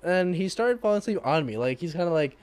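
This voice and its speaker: A young man casually telling a story to friends, animated and laughing as he acts out what people said. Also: high voice, quick pace, smooth.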